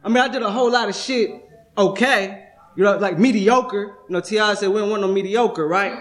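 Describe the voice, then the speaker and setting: A man's voice: sits high, brisk, a bit bright. A young man speaking at a recovery convention workshop, streetwise and profane, tagging nearly every thought with "right?". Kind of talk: testimony-style workshop talk. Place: convention room.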